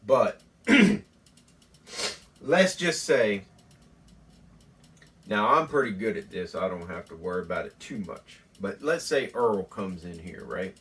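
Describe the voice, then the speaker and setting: A man hosting a mock home tutorial in a folksy, deadpan, rambling way. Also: fairly low pitch, far from the mic, a little hiss or hum. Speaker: host.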